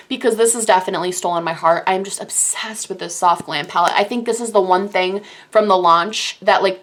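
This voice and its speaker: Young woman, beauty vlogger, casual chat, gushing, excitable, mid-pitched voice. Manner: gushing, animated, quick bursts of enthusiasm. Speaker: beauty YouTuber. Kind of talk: casual product review.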